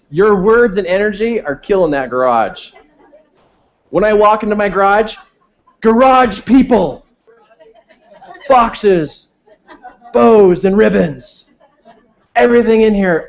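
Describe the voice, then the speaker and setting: A man giving an energetic motivational stage talk, leading a live audience through loud declarations in a large hall. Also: sits high, normal speed, pauses often. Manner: energetic, shouts declarations with the crowd. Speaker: motivational speaker. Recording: muffled event recording.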